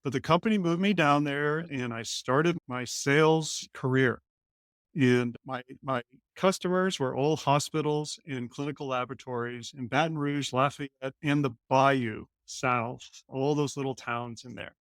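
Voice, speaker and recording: A man from Colorado, a company CEO, telling a lively story as a guest in an interview and acting out the voices of the people in it. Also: medium pitch, unhurried, no echo. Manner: animated, acts out quoted lines in other voices.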